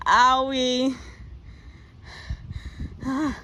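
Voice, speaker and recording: A woman's voice: on the high side, big pitch swings, normal speed, a bit bright, poor audio. A woman giving playful, dramatic commentary on a game video, giggling, squealing and bossing her friend around. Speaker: gaming video creator.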